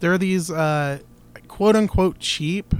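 A chatty man co-hosting a gear podcast, speaking a little higher than most men. He rambles through his stories and slips into quoted voices along the way. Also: takes it slowly, clear, resonant tone. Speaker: podcast co-host. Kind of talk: casual chat. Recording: with a faint crackle from his new computer setup.

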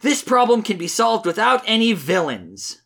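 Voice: mid-range voice, huge pitch swings, creaky, a bit bright, voice pushed up, heavily acted. A podcaster doing a preachy hedgehog hero. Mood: earnest preachy. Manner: slow, raised and overly sincere. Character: earnest preachy male cartoon hedgehog hero. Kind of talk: comic dramatic reading of a fan comic.

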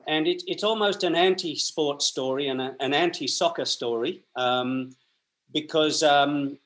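Australian male guest, slightly high pitch, chatty storyteller who laughs mid-sentence. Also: a little slow, fairly bright tone. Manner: chatty, rambling, laughs while telling stories. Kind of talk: anecdotal storytelling.

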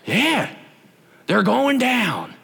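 A rowdy, boastful Southern football fan with a thick drawl, hollering out his defiance in a high, loud voice. A man puts him on during a sermon. His pitch leaps around as he brags. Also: huge pitch swings, very slow, gravelly, husky, exaggerated voice. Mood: defiant.

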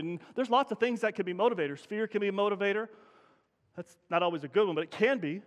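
A middle-aged man preaches a sermon with a high-pitched voice, talking to the congregation like a neighbor before pushing into loud, emphatic peaks. The sound carries the long reverberation of a church sanctuary. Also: fast. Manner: conversational preaching with rising emphatic bursts. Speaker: pastor.

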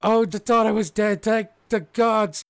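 A man's voice: high-pitched, measured pace, creaky, clean tone, voice pushed up. A man voicing a cowardly male rat thief, weeping and pleading dramatically. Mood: gushing relief.

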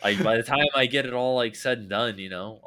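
A man's voice: medium pitch, a little fast, a crowd in the background. A man chatting casually with friends on a podcast, telling stories in a rambling way full of fillers and swearing. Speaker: podcast co-host. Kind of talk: casual chat.

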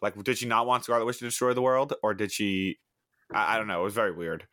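A man's voice: fairly low pitch, fairly even intonation, fast, a bit bright, dry recording, clean studio sound. A man co-hosting a casual podcast chat, rambling and hesitant with many fillers. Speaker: podcast co-host. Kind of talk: casual chat about a TV show.

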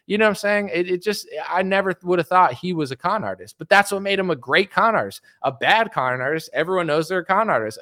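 Young male commentator, fairly high voice, combative mocking rant. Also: a bit bright. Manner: combative, mocking, fast and blunt. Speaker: political commentator and podcast host. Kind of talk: heated monologue rant.

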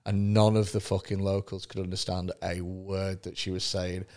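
A man's voice: sits low, level tone, moderate pace, a little mellow. A man in casual podcast chat who tells blunt, sweary, jokey stories.

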